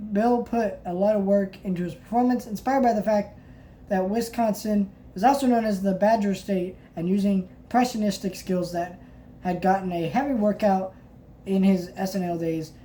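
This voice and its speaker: A woman's voice: medium pitch, dark tone, a little hiss or hum. A woman casually reviewing a book, reading passages aloud and commenting, often stopping to restart her sentences. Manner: halting, many restarts and fillers.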